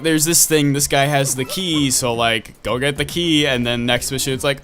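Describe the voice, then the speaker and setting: A man's voice: medium pitch, fairly even intonation, moderate pace, fairly bright tone, soft background music. A man hosting a casual let's-play chat, rambling with lots of fillers and laughing easily. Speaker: host, gameplay commentator.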